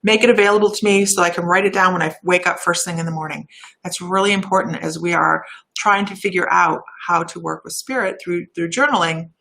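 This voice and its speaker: A woman giving intuitive readings on a live stream, chatty and warm, laughing at herself and drifting off topic. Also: lowish voice, steady tone, fairly quick, gravelly. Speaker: intuitive reader and shaman.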